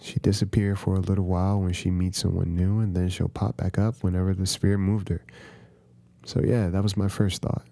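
A man's voice: deep voice, little pitch movement, brisk, vocal fry, warm tone, no room sound. A man hosting a podcast, narrating a first-person horror story in a conversational, confiding way.

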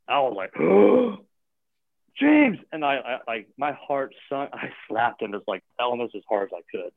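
A man's voice: mid-range voice, brisk, dry recording. A man talking casually as a guest, rambling with lots of filler words and restarts. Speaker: gym owner or coach. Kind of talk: casual chat. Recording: tinny phone-like line, dry.

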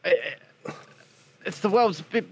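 A man's voice: sits high, slow, darkish tone, slight background noise. A man hosting a podcast in casual chat, mocking and sarcastic. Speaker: podcast host.

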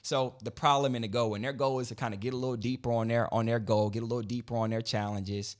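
Relaxed man explaining sales calls. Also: mid-range voice, fast. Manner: relaxed, explanatory, repeats words and restarts often. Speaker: guest, credit business owner. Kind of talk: casual podcast conversation.

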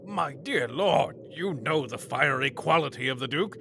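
Man voicing a placating nobleman, gravelly, bright edge, slightly high. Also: lively intonation, a little slow, a little hiss or hum, heavily acted. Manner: deferential and placating.

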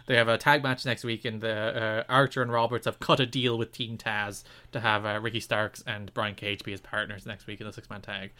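A man's voice: fairly low pitch, little pitch movement, brisk, hardly any pauses, sharp tone. A young man co-hosting a casual podcast, talking in a wry, dry, teasing way. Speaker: podcast co-host. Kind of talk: casual chat.

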